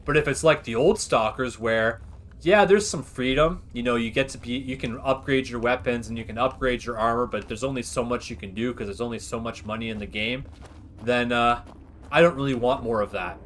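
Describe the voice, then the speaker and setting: Rambling male gamer streamer, mid-pitched. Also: brisk, fairly bright tone, a little hiss or hum. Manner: rambling, filler-heavy, opinionated. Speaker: livestream gamer. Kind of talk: casual gaming commentary.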